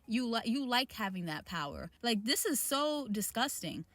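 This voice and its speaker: A woman's voice: on the high side, sing-song, normal speed, fairly bright tone, dry recording. A woman hosting a casual reaction video, reading posts aloud and ranting about them with frequent restarts. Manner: ranting, exasperated, restarts often. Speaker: reaction channel host.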